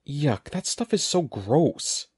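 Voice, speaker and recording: Casting: man reading a frightened boy who insists firmly, low gravelly tone with lively lift. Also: moderate pace, no room sound, clean studio sound. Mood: pleading. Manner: urgent, firm. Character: scared young boy, insistent.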